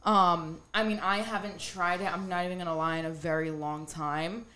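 A woman's voice: on the low side, moderate pace. Chatty casual woman podcast host. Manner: relaxed, chatty, swears casually. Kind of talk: casual chat.

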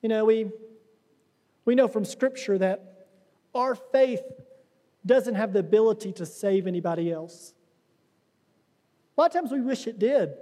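A man's voice: high voice, unhurried, pauses often, dark tone, big-room sound. A man preaching a conversational sermon in a church, acting out quotes as he explains a passage. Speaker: pastor. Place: church sanctuary.

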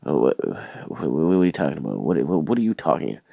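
A man's voice: extremely low pitch, big pitch swings, quick pace, creaky, dry recording, dull audio. A man who has a cold, rambling and complaining in a sardonic way, stumbling over and repeating his words. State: sick with a cold or flu. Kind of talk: casual rambling rant to camera.

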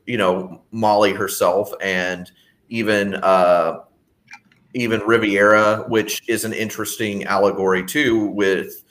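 A man with a fairly low voice talks through a loose podcast discussion. He rambles, circles back and restarts his sentences often. Now and then he drops a dry, sardonic aside. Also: a bit bright. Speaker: podcast co-host. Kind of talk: casual discussion.

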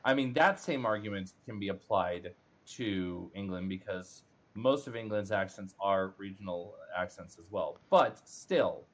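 A man co-hosting a casual podcast panel chat, talking in an animated, playful, teasing way. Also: lowish voice, a little slow, hardly any pauses. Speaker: podcast co-host.

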